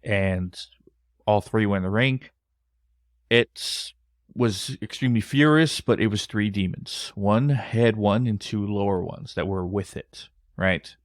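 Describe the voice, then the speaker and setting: Lower-voiced man telling a story. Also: a little slow, dry recording, studio quality. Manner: animated retelling with quoted dialogue. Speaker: podcast co-host. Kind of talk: casual storytelling.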